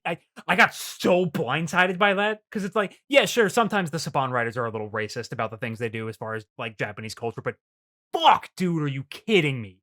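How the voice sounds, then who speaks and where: Bright-voiced man chatting on a podcast. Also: mid-range voice, fast talker, few pauses. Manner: animated, swears freely, laughs often. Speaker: podcast co-host. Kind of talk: casual podcast chat.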